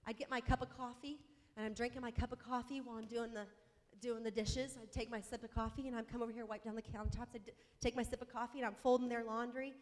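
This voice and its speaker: A mother telling a personal faith story in an animated, self-mocking way, acting out the dialogue. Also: fairly high pitch, fast. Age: adult mother. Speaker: speaker sharing a faith story. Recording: long hall reverb.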